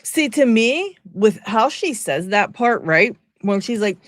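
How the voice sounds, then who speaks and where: A woman's voice: a little high, big pitch swings, measured pace, no echo, clean studio sound. A woman giving casual, sarcastic reaction commentary from home, talking to her viewers. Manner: sarcastic, exasperated, chatty. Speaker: commentary vlogger.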